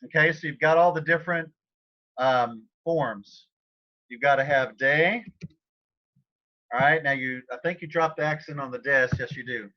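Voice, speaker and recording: A man teaching a Spanish class online, talking informally and often clearing his throat. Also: medium pitch, moderate pace, pauses often, dull audio.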